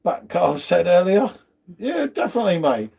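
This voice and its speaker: A man's voice: sits high, big pitch swings, moderate pace, gravelly, darkish tone, breathy edge. A man hosting a casual live beer stream from home, bantering, swearing and greeting viewers in chat. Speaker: beer channel host.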